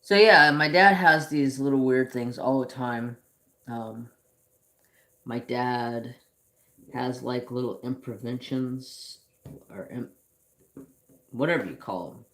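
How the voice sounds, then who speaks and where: A man talks slowly and unhurriedly as he paints, filling the time with rambling family stories. His pitch sits in an ordinary middle range, and he often stops and restarts his sentences. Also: fairly bright tone. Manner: slow, rambling storytelling with restarts. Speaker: craft channel host. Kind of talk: casual chat while painting.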